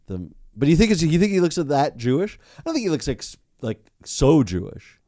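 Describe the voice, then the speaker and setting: A young adult man co-hosts a podcast, chatting casually and animatedly with lots of restarts and laughter. His voice sits on the high side and moves briskly. The recording is studio quality with no room sound.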